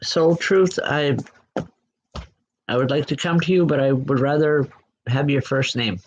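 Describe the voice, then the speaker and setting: A woman giving live online psychic readings in a gentle, reassuring way, often pausing and restarting her sentences. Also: extremely low pitch, dull audio, a little hiss or hum. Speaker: psychic medium. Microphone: computer mic.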